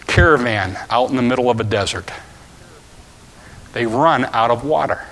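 A man preaching a sermon, telling a story with volunteers and shouting out the characters' calls. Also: medium pitch, moderate pace. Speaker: pastor. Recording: long hall reverb.

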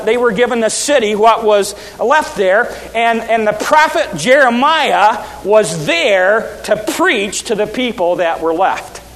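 A man's voice: high-pitched, a bit bright, in a large hall, poor audio. A male pastor giving an earnest sermon in a church, often restarting and repeating his words.

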